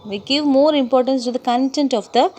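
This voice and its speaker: A woman teacher giving a recorded English lesson, speaking deliberately and repeating her key points. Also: sits high, mellow, slight background noise.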